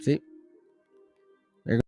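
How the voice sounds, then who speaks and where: A man's voice: measured pace, dark tone, no echo, studio quality, faint music behind. A man hosting a casual livestream chat, talking informally as he pages through a book and insists he is telling the truth. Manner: informal, conversational, insisting he is not lying. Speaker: host showing a book page by page.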